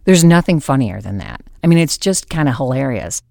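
A woman's voice: very deep voice, fairly quick, creaky, no echo, clean studio sound. A woman hosting a podcast, telling a story with laughs and acting out the people in it. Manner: lively storyteller, acts out quotes. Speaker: podcast host. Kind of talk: anecdotal podcast talk.

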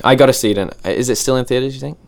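A teenage Australian actor chatting easily as an interview guest, soft-spoken and trailing off with fillers. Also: male voice, mid-range voice, racing, creaky. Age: teens. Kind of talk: casual interview chat.

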